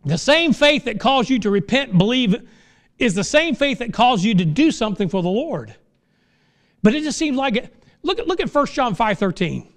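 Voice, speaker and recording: A middle-aged man preaching a sermon from the pulpit, his voice sitting notably high for a man. He talks in a folksy, plainspoken way, then climbs into fervent, impassioned stretches. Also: very animated, moderate pace. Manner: folksy, rises to impassioned crescendos. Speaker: pastor.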